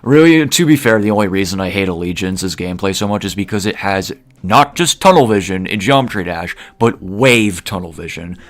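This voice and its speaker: This man makes gaming videos, offering casual, opinionated commentary in a low, animated voice. He speaks briskly with few pauses, rambling and peppering his talk with fillers, especially "like."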